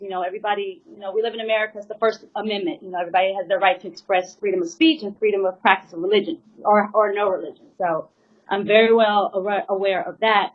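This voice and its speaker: Woman, mid-pitched, rambling and earnest, slightly muffled lo-fi sound. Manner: rambling, full of "you know" and "like" fillers; earnest, pleading. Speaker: drummer. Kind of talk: emotional personal account.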